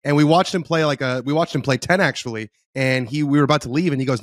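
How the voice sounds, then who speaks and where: An enthusiastic male podcast host who rattles through his story at a fast clip. The recording is dry and close, with no room sound. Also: medium pitch, dry recording. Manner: quick, enthusiastic recounting. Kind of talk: casual chat.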